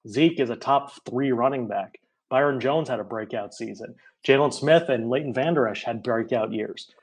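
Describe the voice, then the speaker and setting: A man on a podcast explaining football ratings in casual chat, in quick bursts and often checking with "right?". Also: medium pitch, husky. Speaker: guest ratings analyst.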